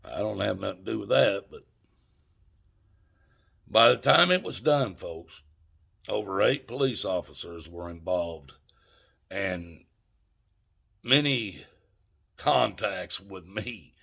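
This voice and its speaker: A man's voice: lowish voice, animated, slow, vocal fry, pauses often, bright, forceful tone. A man telling a story in a casual, folksy and emphatic way to his viewers. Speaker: channel host.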